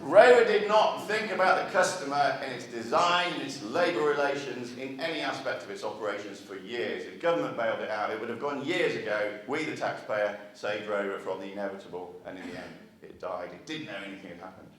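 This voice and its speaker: A man's voice: mid-range voice, fairly quick, few pauses. A man delivers a marketing talk at a meeting, keeping it conversational and throwing questions back at the audience. His voice sits mid-range. It is picked up from a distance and rings heavily around a large, echoey hall. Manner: chatty, asks the audience rhetorical questions. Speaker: marketing speaker. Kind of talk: conference speech to an audience. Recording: echoey hall, mic far off.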